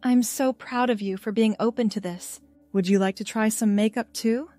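A woman voicing an affectionate young girlfriend who speaks softly and encouragingly. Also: on the high side, steady tone, normal speed, no echo, faint music behind, lightly acted. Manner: soft, encouraging, tender.

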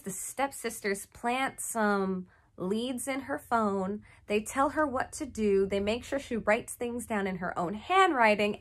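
Chatty, animated woman recapping a movie. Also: fairly high pitch. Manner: chatty, jokey asides.

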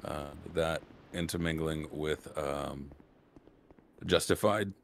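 Deep-voiced man with a shifting accent. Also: takes it slowly, creaky, a little hiss or hum. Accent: shifting mix of British and American. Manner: rambling, with many fillers and restarts. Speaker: co-host and voice actor. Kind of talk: casual gaming chat.

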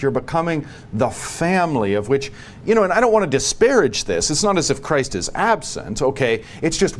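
A man giving a long spoken answer in a book study, emphatic and repetitive, dropping quiet and low on solemn points. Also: slight background noise. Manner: emphatic, repeats key phrases, many restarts.

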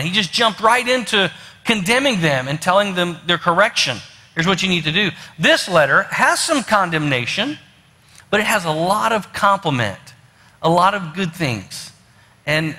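A man's voice: high voice, bright, forceful tone. A man with a West Virginian accent preaching a sermon as pastor, folksy and storytelling, with many fillers and restarts. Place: church sanctuary. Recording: long hall reverb.

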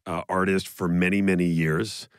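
A man co-hosting a casual podcast, introducing the guest with playful, drawn-out build-ups. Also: low voice, level tone, clear, resonant tone, no room sound, clean studio sound.

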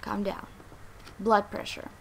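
A young woman hosting a let's play, commenting with exasperation, muttering and then yelling. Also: mid-range voice, monotone, slow, gravelly, slight background noise. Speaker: gaming channel host.

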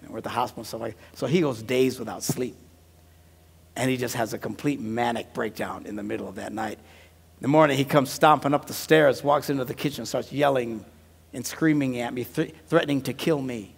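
A man who is a pastor and comedian, telling comic stories in a sermon, dropping to mumbled asides and jumping to loud punchlines, laughing at his own jokes. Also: mid-range voice, brisk, creaky, husky.

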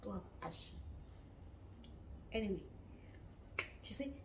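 A woman with a Nigerian accent giving a lively, dramatic gossip review of a reality show, laughing often. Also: medium pitch, takes it slowly, recorded from a distance, background noise. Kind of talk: casual gossip commentary.

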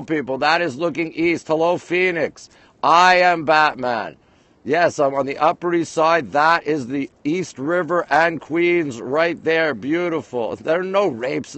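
A man with a slightly high voice chats to his live viewers from an outdoor rooftop on a freezing winter night, greeting each one by name and city. The sound is dry and close, as if from a phone held in his hand. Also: a bit bright, dry recording. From Canada. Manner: greets viewers by place and name, chatty tour-guide patter. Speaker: livestream host. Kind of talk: casual live-stream chat.

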